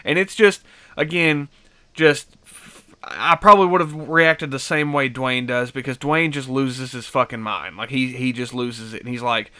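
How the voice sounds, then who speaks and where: A man's voice: mid-range voice, steady tone, moderate pace, pushed and bright, clean tone. A man giving a casual, rambling film review, full of fillers and restarts. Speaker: movie reviewer.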